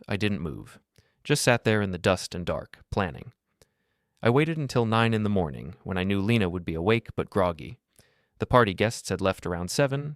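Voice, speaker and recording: A middle-aged man narrating a first-person story in a steady, grave, measured way. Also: sits low, smooth, no echo, clean studio sound.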